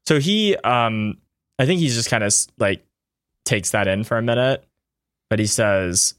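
A man narrating as game master of a tabletop game, calm and measured. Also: mid-range voice, clean tone, no echo, studio quality.

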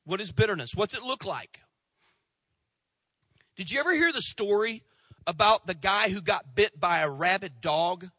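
A male pastor preaching a sermon, animated, with swings from loud emphasis to hushed asides and acted-out quotes. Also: high-pitched, dry recording, studio quality. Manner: tells jokes and acts out quoted voices.

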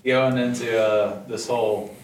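A man's voice: medium pitch, steady tone, a little slow. Man, easygoing storyteller; roomy, distant, noisy studio sound. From Augusta, Georgia, US. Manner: laid-back, chuckling storyteller. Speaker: restaurant owner guest. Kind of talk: casual podcast interview. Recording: echoey room, distant mic, noisy.

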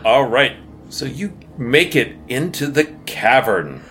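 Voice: mid-range voice, sing-song, takes it slowly, a bit bright. A game master narrating a tabletop game in a casual, playful way.

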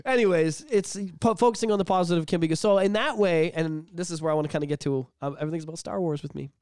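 Man, high voice, excitable, casual podcast chat, swears a lot, dry close sound. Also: fast talker, clear, resonant tone, dry recording. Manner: excitable, swears freely, acts out quotes in big voice swings. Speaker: podcast co-host.

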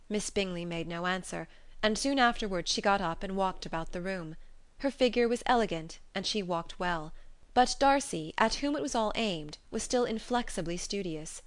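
A woman's voice: medium pitch, moderate pace, no room sound. Woman reading a classic novel aloud. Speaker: narrator.

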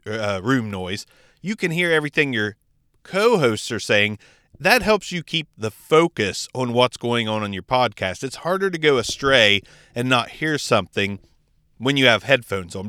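A man's voice: medium pitch, bright, forceful tone, clear, resonant tone, dry recording. A man giving a casual, opinionated tutorial on podcast gear, speaking close into a microphone. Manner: opinionated, chatty, enthusiastic. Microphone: speaking into a close dynamic microphone.

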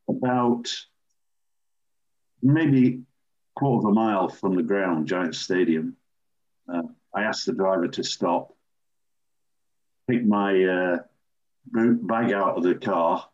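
An older man from England, a former referee, telling animated anecdotes as an interview guest. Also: fairly low pitch. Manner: animated raconteur, acts out quoted voices. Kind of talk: anecdotal storytelling. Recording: dull lo-fi recording.

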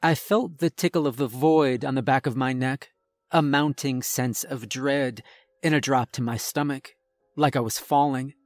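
A man's voice: mid-range voice, normal speed, dry recording, faint music behind. A man narrating a first-person horror story in a dramatic, tense storytelling manner.

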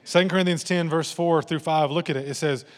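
A man preaching a lively, conversational sermon, slipping into playful voices and asides. His voice sits a touch high and rings out with a long reverb tail, as in a large hall. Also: brisk. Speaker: pastor.

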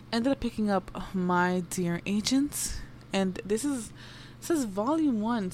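A woman's voice: on the low side, slight background noise. Candid, rambling, swearing young woman. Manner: candid and rambling, swears freely, slips into Spanish phrases. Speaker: podcast host. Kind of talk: casual personal rant.

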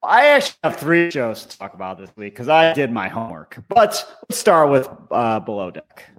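A man's voice: mid-range voice, wildly swooping pitch, normal speed. A man co-hosting a podcast, chatting casually and making wry jokes. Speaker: podcast co-host. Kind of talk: casual chat.

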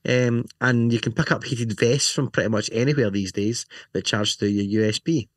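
A medium-pitched man with fairly even intonation and a moderate pace co-hosts a casual podcast chat on motorcycle gear. The studio-quality audio has no room sound; he's jokey and rambling, often saying "you know" and "right?".

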